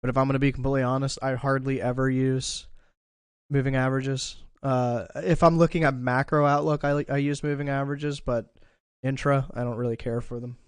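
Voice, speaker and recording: A man's voice: mid-range voice, flat delivery, a little fast, clean tone, no room sound. A man streaming live market analysis, thinking aloud in a casual way with fillers and restarts, and a bout of hiccups. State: has the hiccups. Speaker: crypto trading streamer.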